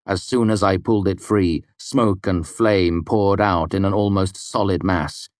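A man narrates a first-person audiobook in a deep, low register. His delivery is measured and quietly wry. The sound is close and dry, with no room around it. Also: fairly even intonation, dry recording.

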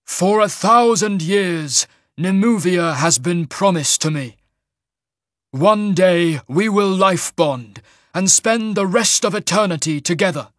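A man voicing an ancient, arrogant immortal general who speaks in a slow, lofty, disdainful way, in an audiobook. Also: high voice, fairly bright tone, no echo, clean studio sound, pitched above the performer's own voice.

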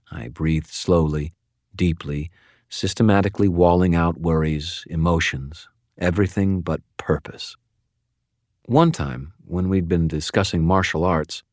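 A man narrating a novel in the first person, measured and calm. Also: sits low, no room sound, clean studio sound. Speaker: audiobook narrator.

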